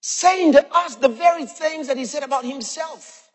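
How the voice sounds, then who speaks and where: A man preaching a sermon, quoting scripture slowly and with emphasis between long pauses. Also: extremely high pitch. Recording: long reverb of a large hall.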